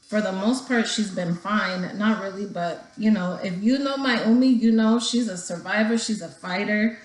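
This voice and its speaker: Holding back tears, a young woman rambles emotionally to viewers of her personal vlog. She talks at normal speed with few pauses in a mid-range voice, and the poor audio carries room echo.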